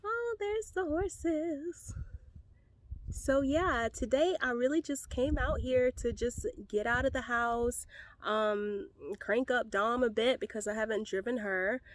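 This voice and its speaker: Nervous young woman vlogging outdoors, slow drawl. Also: fairly high pitch, slight background noise. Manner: chatty, says y'all and like a lot; nervous and breathy, often hushed. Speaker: van life vlogger. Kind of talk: casual vlog talk to camera. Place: outdoors beside her van. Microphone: handheld phone camera.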